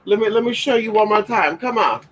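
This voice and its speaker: A man's voice: sits high, animated, a little fast, a bit bright, a little hiss or hum, low-quality recording. A man chatting casually in a home vlog, sassy and profane, talking to viewers and calling his dogs. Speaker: vlogger.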